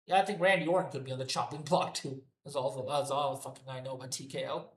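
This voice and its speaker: A man's voice: medium pitch, fairly even intonation, quick pace, fairly bright tone, reverberant. A man giving an unscripted, profane and exasperated solo rant reviewing a wrestling show.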